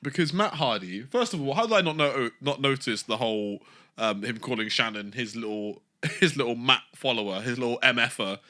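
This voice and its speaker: A man's voice: medium pitch, a little fast, sharp tone. A young man co-hosting a casual wrestling chat, laughing often and swearing freely. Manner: laughs often, swears, does mocking impressions. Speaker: podcast co-host.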